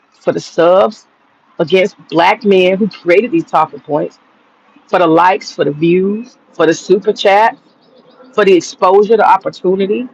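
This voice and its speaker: Gravelly high-voiced man ranting. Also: muffled recording. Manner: blunt, profane, mocking. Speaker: online commentary host. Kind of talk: casual commentary monologue.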